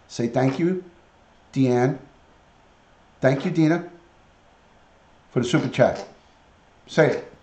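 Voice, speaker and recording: A man's voice: on the high side, slow, pauses often, a little mellow, echoey room, a little hiss or hum. A man hosting a casual live stream, chatting with viewers and coaxing his parrot to talk.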